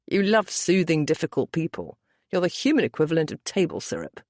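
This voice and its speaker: A woman's voice: low-pitched, very animated, brisk, darkish tone. A woman reading the part of a wry young brother with a dry, sardonic delivery.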